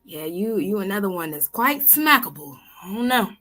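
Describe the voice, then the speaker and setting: Bright-voiced sarcastic woman host. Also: mid-range voice, sing-song, normal speed, faint music behind. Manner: blunt, sarcastic, laughing remarks. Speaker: reaction video host. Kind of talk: commentary on a video clip.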